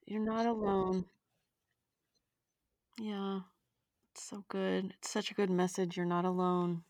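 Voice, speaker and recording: A woman's voice: mid-range voice, flat delivery, slow, darkish tone. A woman hosting a podcast, encouraging and upbeat, who leads listeners through affirmations. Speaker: podcast host and self-defense teacher.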